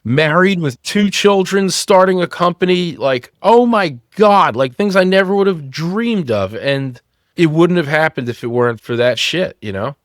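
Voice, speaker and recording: A man's voice: a little high, lively intonation, normal speed, no echo, clean studio sound. A man in his thirties, a company founder, telling personal stories frankly and swearing freely in a candid podcast conversation. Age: 30s.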